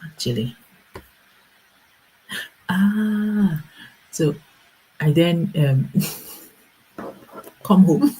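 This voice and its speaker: Low, mellow-voiced woman telling a story. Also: extremely slow, long pauses, a little hiss or hum, rough recording. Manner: animated storyteller, acts out quoted voices with laughs. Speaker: livestream host and business coach. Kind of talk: casual storytelling livestream.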